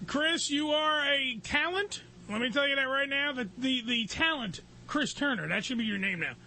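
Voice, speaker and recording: A man hosting a casual talk show, cracking loud crude jokes and bantering with his guest. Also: extremely high pitch, moderate pace. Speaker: host.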